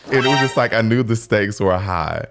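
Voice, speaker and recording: A deep-voiced young man co-hosts a casual podcast. He tells stories in a rambling way, with "like" in nearly every phrase, and he breaks into high mock voices when he quotes people. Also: expressive, moderate pace, vocal fry, over music. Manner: rambling retelling with many "like" fillers. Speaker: podcast co-host and hair stylist. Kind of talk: casual storytelling chat.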